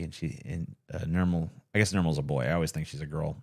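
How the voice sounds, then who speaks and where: Guy chatting on a late night stream, kinda low voice, rambly and swears a lot, puts himself down. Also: fairly even intonation, a little fast, creaky, darkish tone. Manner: rambling, profane, self-deprecating. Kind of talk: casual late-night livestream chat.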